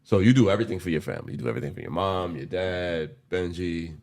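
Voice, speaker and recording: Deep-voiced man in his forties, candid. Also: expressive, quick pace, creaky, darkish tone. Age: 40s. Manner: candid, rambling, with street slang and swearing. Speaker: podcast co-host. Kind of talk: casual chat.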